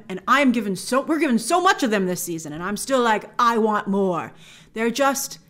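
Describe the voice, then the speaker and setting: Woman gushing about a tv show, voice bouncing all over, pretty high. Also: fairly bright tone. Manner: enthusiastic, chatty, fan-like. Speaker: TV reviewer. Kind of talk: casual video review.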